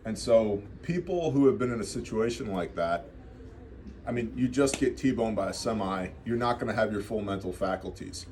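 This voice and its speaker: A man teaching emergency response through a lively personal story, with emphatic asides. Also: lowish voice, normal speed, slight background noise. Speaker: emergency medical instructor. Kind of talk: anecdotal teaching talk.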